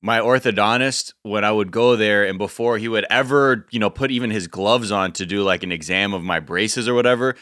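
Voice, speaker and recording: A man co-hosting a podcast in casual chat, laughing often and telling animated stories. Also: on the low side, brisk, hardly any pauses, no echo, clean studio sound. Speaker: podcast co-host.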